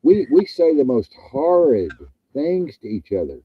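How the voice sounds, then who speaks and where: A man's voice: mid-range voice, big pitch swings, unhurried, husky, no echo, phone-quality sound. A man hosting a casual chat, rambling and joking and repeating himself. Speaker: host.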